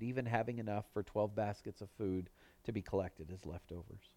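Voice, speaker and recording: A man's voice: warm tone, no echo. Earnest man preaching, dry close sound. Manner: earnest preaching, rising for emphasis and dropping low on quoted words. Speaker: pastor. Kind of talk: sermon.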